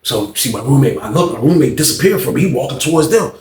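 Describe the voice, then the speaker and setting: A man's voice: medium pitch, expressive, fast, darkish tone, a little hiss or hum. A man telling a story in a casual, slangy way and acting out the scenes with voices. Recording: roomy echo.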